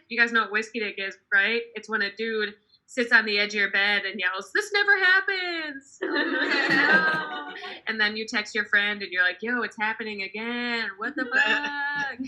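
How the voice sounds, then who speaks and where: A woman's voice: medium pitch, moderate pace, bright, forceful tone, low-quality recording. A young woman performing a stand-up comedy set over a video call, chatty and self-deprecating, often laughing at her own jokes.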